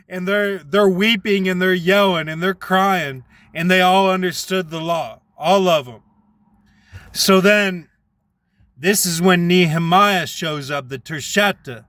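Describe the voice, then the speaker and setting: A man's voice: sits high, fairly bright tone, no room sound. A man casually retelling a Bible passage in a rambling way, repeating himself as he goes.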